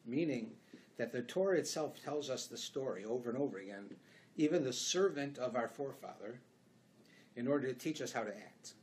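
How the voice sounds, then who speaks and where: This man, a rabbi speaking Canadian English, has a medium-pitched voice and talks fairly quickly. His Torah class in the synagogue is conversational, full of animated storytelling and acted-out exchanges.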